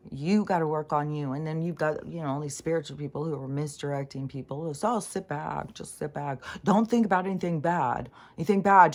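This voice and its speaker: A woman in her sixties talking in a rambling, frank monologue full of fillers and restarts. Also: sits low. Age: 60s. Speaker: spiritual channeler. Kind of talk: casual monologue.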